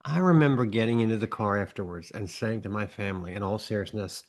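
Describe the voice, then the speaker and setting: A man co-hosting a comedy podcast, telling wry stories and acting out yelling dads. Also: on the low side, quick pace, hardly any pauses. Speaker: podcast co-host.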